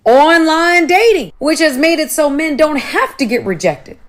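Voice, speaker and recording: Woman with a high, bouncy voice chatting to her followers, asks herself questions and answers them. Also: a little slow. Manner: lively, rhetorical, addresses viewers as "y'all". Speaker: online video commentator. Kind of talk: casual video talk to viewers.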